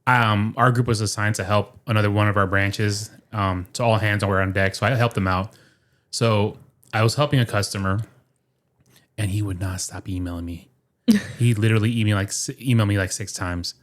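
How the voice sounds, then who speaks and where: A man's voice: fairly low pitch, steady tone, brisk, fairly bright tone. A man co-hosting a casual podcast, telling stories and acting out what people said. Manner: chatty storyteller, acts out quotes. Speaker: podcast co-host. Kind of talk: casual chat. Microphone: studio microphone.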